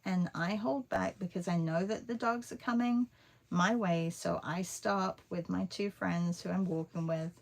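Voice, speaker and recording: A woman's voice: fairly low pitch, fairly even intonation, a little slow, creaky. A woman who teaches art and vlogs tells a rambling, chatty story full of fillers while she paints.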